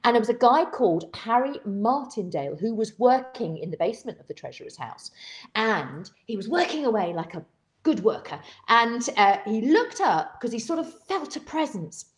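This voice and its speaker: A woman's voice: a little high, sing-song, moderate pace. A woman co-hosting a casual chat show, chatty and theatrical. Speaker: co-host.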